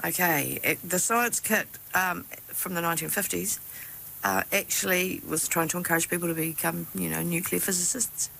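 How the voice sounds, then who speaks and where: A woman presenting her segment on a radio show, chatty and telling stories in a relaxed way. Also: fairly low pitch, normal speed, creaky, a little hiss or hum, rough recording. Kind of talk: casual radio chat.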